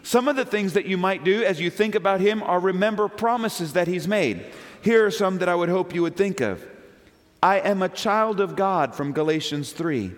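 A man preaching a youth sermon, casually retelling Bible stories in everyday slang and shifting between excited calls and hushed storytelling. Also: high voice, normal speed, big-room sound.

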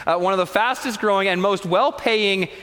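A man's voice: sits high, normal speed, fairly bright tone. A man preaching a sermon as pastor, talking casually and speaking straight to his congregation. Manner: conversational, addresses the congregation directly. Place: large church sanctuary. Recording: long reverb of a church hall.

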